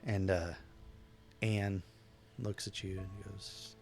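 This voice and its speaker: Male game master, very low voice, halting, reassuring, faint music under it. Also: fairly even intonation, gravelly. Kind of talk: narrating a tabletop game.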